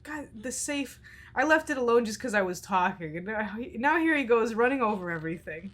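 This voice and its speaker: A woman's voice: on the high side, animated, brisk, fairly bright tone. A woman streaming a game, talking casually in a chatty, rambling, candid way, with an occasional swear. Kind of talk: casual let's-play commentary.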